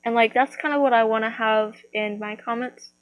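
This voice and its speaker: A woman's voice: on the high side, fairly even intonation, normal speed, no room sound, poor audio. A woman chatting casually to her viewers, rambling with lots of fillers and restarts. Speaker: vlogger.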